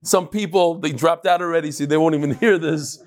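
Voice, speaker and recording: A man teaching a live daily Talmud class, talking quickly and animatedly, with frequent restarts and Hebrew terms. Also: a little high, fairly even intonation.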